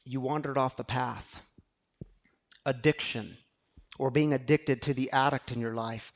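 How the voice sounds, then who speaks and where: A man preaching a recovery sermon, swinging between hushed, intimate talk and loud, passionate preaching, with casual phrasing like "y'all". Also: mid-range voice, a little slow. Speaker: recovery community speaker.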